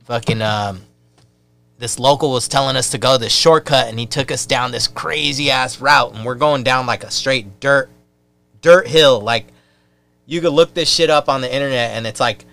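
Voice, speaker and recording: A man's voice: medium pitch, normal speed, creaky, a bit bright. A man, a podcast guest telling a wild story in loose, profane, casual talk.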